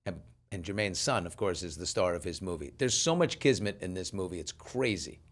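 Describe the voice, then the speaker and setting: A man's voice: sits low, fairly quick. A man hosting a talk show, chatting casually and telling stories with animation, acting out the people he quotes. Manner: animated storyteller who acts out quoted people. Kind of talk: casual chat.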